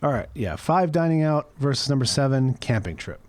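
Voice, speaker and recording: A man's voice: medium pitch, expressive, fairly quick, darkish tone. A man co-hosting a casual podcast, plainly reading out bracket matchups. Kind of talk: casual chat.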